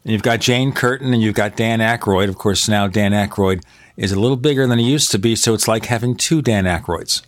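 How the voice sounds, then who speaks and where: A man's voice: fairly low pitch, fairly quick, no echo, studio quality. An older American man co-hosting a casual chat, telling movie and TV trivia with enthusiasm. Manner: chatty, enthusiastic storyteller. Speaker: co-host.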